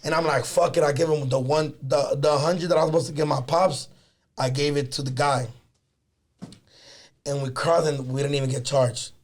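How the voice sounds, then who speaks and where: A man's voice: on the high side, flat delivery, moderate pace, long pauses. A man co-hosting a podcast, telling a story in casual chat, swearing freely and mixing in Spanish words. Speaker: podcast co-host.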